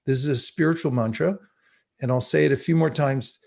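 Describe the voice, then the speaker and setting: In an online spiritual class held by video call, the male instructor speaks thoughtfully and slowly chants mantras for participants to say back. His mid-range voice carries vocal fry and is a little mellow.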